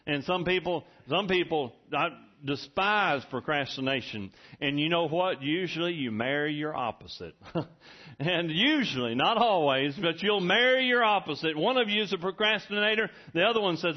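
A man's voice: a little high, lively intonation, moderate pace. A middle-aged man preaching a sermon in a folksy, storytelling way, often laughing as he talks. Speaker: pastor. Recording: muffled lo-fi recording.

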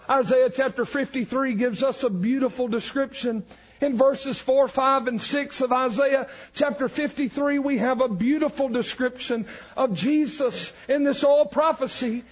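A man preaching an evangelical sermon, fervent, building up to shouted emphasis on key lines. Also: very high-pitched, a little slow, muffled recording.

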